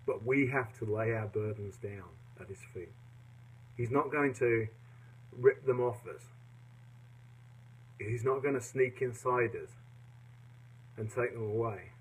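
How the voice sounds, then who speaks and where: A man giving a personal devotional talk to listeners in a gentle, earnest and reflective manner. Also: mid-range voice, takes it slowly, long pauses, breathy edge, rough recording. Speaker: devotional podcaster.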